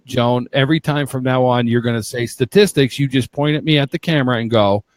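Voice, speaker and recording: A man hosting a live podcast, loud and teasing, swearing freely in casual banter with his guests. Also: mid-range voice, a little fast, no echo. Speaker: podcast host.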